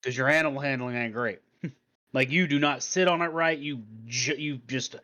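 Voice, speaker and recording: A man's voice: mid-range voice, normal speed, bright, forceful tone. A man narrating as game master in a tabletop game, laughing and cursing casually. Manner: laughing, loose, profane narration. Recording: dull lo-fi audio.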